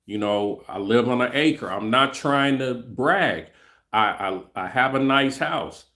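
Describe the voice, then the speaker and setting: A man's voice: mid-range voice, slow, sharp tone. A middle-aged man hosting his own channel, talking casually and rambling straight to his viewers, often repeating himself. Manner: rambling, repeats himself, speaks to chat directly. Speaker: channel host. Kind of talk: casual livestream talk to viewers.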